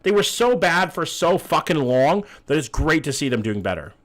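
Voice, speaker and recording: A man's voice: a little high, very animated, normal speed. A young man, casually chatting and swearing while playing a map-guessing game on a live stream and greeting his chat.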